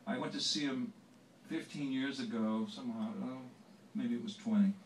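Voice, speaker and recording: A man in his sixties, a songwriter on stage, telling an anecdote in a halting, self-deprecating way, full of restarts. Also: medium pitch. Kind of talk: onstage anecdotal storytelling. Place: stage before an audience. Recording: roomy, distant live stage mic.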